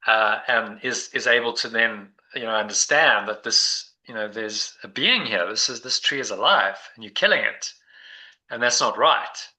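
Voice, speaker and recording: Leading a spiritual discussion group, a man speaks at a moderate pace in a lowish, sharp-toned voice, his reflections wandering and often starting over. The recording quality is poor.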